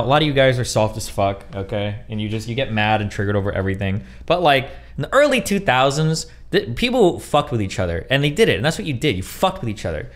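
A male streamer rants at his viewers, swearing freely and mocking the people he argues against. His pitch jumps up and down all the time, and he speaks at an ordinary middle height. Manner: profane, heated, mocking. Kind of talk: casual livestream rant.

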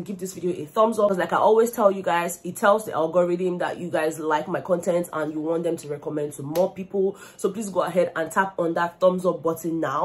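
A young woman with a Nigerian accent giving gossipy, animated commentary on a reality show, slipping into Pidgin. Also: fairly low pitch. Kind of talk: casual vlog commentary.

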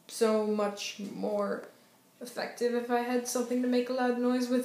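A woman's voice: fairly high pitch, steady tone, moderate pace, roomy sound. A young woman casually reviewing TV shows in a goofy, playful way, breaking into sing-song cheers. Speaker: YouTube TV show reviewer.

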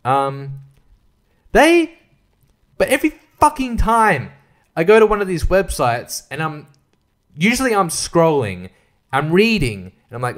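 A man's voice: on the high side, very animated, unhurried, pauses often. Rambling, profane male podcast host. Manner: profane, rambling, laughs at his own jokes. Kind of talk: casual solo podcast rant.

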